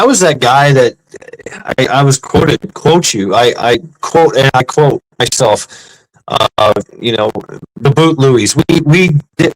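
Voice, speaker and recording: A man's voice: mid-range voice, dry recording, poor audio. A man telling rambling, profane service stories in a casual chat, with many restarts and fillers. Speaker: podcast host, former Marine.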